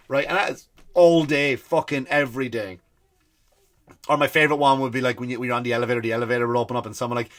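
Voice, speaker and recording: A man with an Irish accent, a comedian hosting his podcast, telling stories in an animated comic rant and acting out the people he quotes. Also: medium pitch, quick pace. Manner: animated storytelling, acts out quoted people, swears freely.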